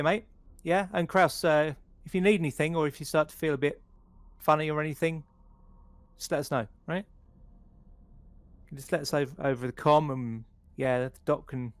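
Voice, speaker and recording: A caring male crewmate from a sci-fi tabletop game who keeps checking that others are all right, as a player voices him. His speech is friendly and repetitive. The voice is gravelly and dry. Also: fairly high pitch, no echo, lightly acted. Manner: friendly, says "mate", repeats himself.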